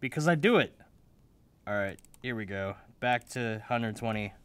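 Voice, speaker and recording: A young man making a beat in his office, joking at himself, loud one moment and mumbling the next, still waking up. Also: medium pitch, animated, moderate pace, noisy background. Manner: joking, self-mocking, swings between loud and mumbled. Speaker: music producer. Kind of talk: casual talk while making a beat. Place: home office.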